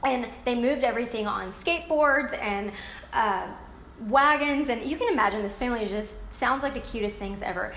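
A woman's voice: fairly high pitch, moderate pace, fairly bright tone. A woman retelling a book's story in a casual, gushing, enthusiastic way. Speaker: book recap speaker. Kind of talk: casual book recap. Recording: roomy echo, faint ambient noise.

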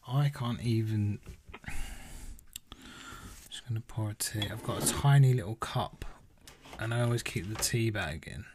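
A man's voice: on the low side, measured pace, pauses often, noisy background. A young man, a tired podcast host rambling casually and swearing as he answers listener questions. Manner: rambling, sweary, laid-back. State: yawning, tired. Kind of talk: casual solo podcast chat.

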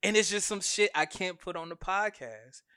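Bright high-voiced man, loose podcast chat. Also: expressive, moderate pace, clean tone. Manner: loose, laughing, swears freely. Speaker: podcast co-host. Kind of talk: casual chat.

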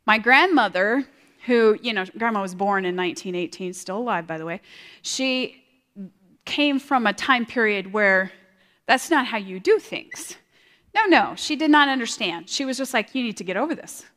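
Woman giving an earnest, halting testimony. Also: on the high side, animated, fairly bright tone. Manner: halting, repeats words, earnest. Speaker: speaker sharing a testimony. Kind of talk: personal testimony talk. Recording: long hall reverb.

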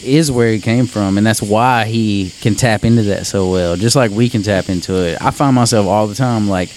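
A man's voice: lowish voice, normal speed, darkish tone, slight background noise, rough recording. A man with a Central Louisiana drawl, talking casually and emphatically, swearing freely and rambling as he makes his point. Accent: Central Louisiana Southern drawl. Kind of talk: casual chat.

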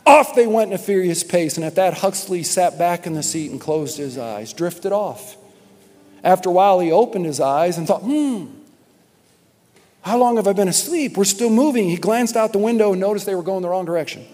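A man preaching a sermon as pastor, impassioned, swinging from shouts down to quiet, probing questions. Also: sits high, fairly quick. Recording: music and long hall reverb.

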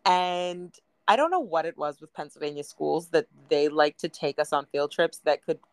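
A woman's voice: low voice, normal speed, dry recording. A young woman co-hosting a podcast, telling a story casually with fillers and easy laughter. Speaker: podcast co-host. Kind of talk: casual chat.

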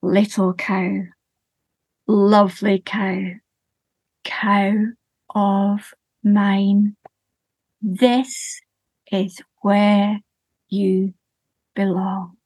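A woman voicing a kindly poor old woman who pleads with her beloved cow, her voice rising high and sing-song. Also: expressive, slow pace, no echo. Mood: tender.

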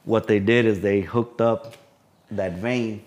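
A man being interviewed as a sheriff's deputy guest, telling a personal story in a halting way with many fillers. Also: on the low side, fairly even intonation, darkish tone. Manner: halting recounting with frequent fillers.

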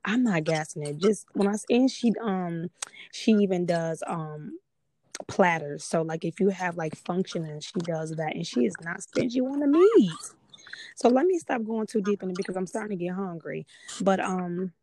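A woman's voice: lowish voice, normal speed, warm tone, a little hiss or hum. A woman hosting a casual podcast, chatty and repeating herself for emphasis as she talks straight to her listeners. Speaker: podcast host.

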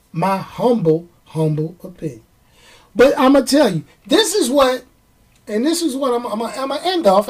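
A man's voice: extremely high pitch, far from the mic. A man chatting casually about comic books on his video channel, rambling and joking. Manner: animated, rambling, jokey. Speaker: comic book YouTuber. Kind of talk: casual chat.

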